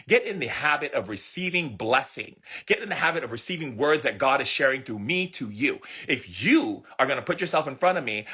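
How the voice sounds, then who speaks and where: A man's voice: medium pitch, bright, forceful tone, husky. A man giving a motivational spiritual talk in a sassy, emphatic way, repeating phrases for punch. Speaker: spiritual teacher.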